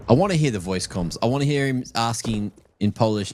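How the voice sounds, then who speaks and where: A man's voice: medium pitch, expressive, a little fast, hardly any pauses, a little mellow, slight background noise. A man casting a live video game match, giving chatty, joking play-by-play from a headset mic. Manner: chatty and joking, teases players and viewers. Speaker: esports caster.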